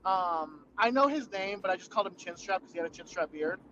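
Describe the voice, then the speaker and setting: A man's voice: high-pitched, animated, brisk. A young man telling rambling, profane work stories in casual chat, full of fillers. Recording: muffled lo-fi recording with clear background noise.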